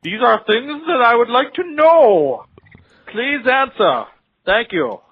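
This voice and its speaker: A man's voice: very high voice, big pitch swings, takes it slowly, slightly rough, narrow, tinny audio, heavily acted. A man calling in and voicing a whimsical talking stone with a Scottish accent, drawn out and quizzical. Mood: curious. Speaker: caller. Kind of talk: voicemail call-in skit.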